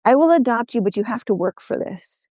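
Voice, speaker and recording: A woman's voice: a little high, expressive, fairly quick, warm tone, dry recording, clean studio sound, voice pushed up. A woman voicing a crotchety old witch who herds horses, speaking in a stern, commanding way.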